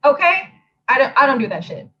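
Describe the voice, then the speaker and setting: A woman in her twenties telling a story in casual chat, blunt, profane and animated. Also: high voice, fairly quick, muffled recording. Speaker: host.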